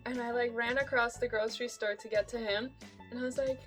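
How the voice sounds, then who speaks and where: A woman's voice: a little high, steady tone, quick pace, fairly bright tone, faint music behind. A woman from Canada telling stories in a casual, chatty vlog, laughing often and swearing casually. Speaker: vlogger.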